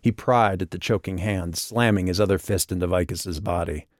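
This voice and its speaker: A man narrating an audiobook in a measured, steady way. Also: deep voice, no room sound, studio quality. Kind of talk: scripted narration.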